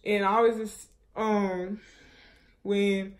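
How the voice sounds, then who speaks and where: A young woman vlogger speaks extremely slowly in a mid-range voice with little pitch movement. She tells viewers a painful personal story, rambling and grieving, with lots of fillers and restarts. Her manner is subdued and shaky.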